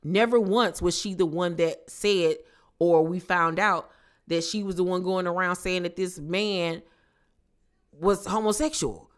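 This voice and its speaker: A woman's voice: lowish voice, fairly even intonation, measured pace. A woman hosting a casual reality TV recap with a sassy, slangy, blunt manner. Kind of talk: casual commentary vlog.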